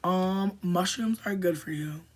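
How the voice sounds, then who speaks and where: A young adult streamer with a sick voice, rambling casually to chat with heavy "like" filler, swearing freely and often dropping into a breathy half-whisper. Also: medium pitch, unhurried. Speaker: livestreamer answering chat.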